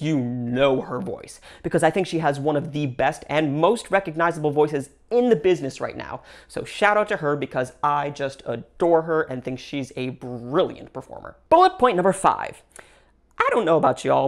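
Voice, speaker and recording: A woman hosting her own channel, giving an upbeat solo movie review with lively swings in her voice. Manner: gushing and upbeat, with big pitch swings between phrases. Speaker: film reviewer and channel host.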